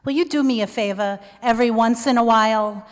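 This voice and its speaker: A woman's voice: a little high, a little fast, lightly acted. A woman voicing her blunt, exasperated older mother in a live story, on a stage with long reverb. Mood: dry. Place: performance venue stage.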